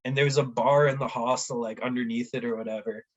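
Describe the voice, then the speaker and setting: A man telling a travel story in a casual chat, animated and acting out the voices of the people in it, with a lot of "like". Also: mid-range voice, brisk, lo-fi sound. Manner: animated, acts out quoted voices, says "like" often. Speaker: podcast guest.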